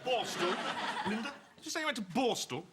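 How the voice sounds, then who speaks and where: A man's voice: very high voice, sing-song, fairly quick, very noisy. An actor playing a pompous, bossy, self-regarding man who talks down to others in a TV sitcom. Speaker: sitcom character.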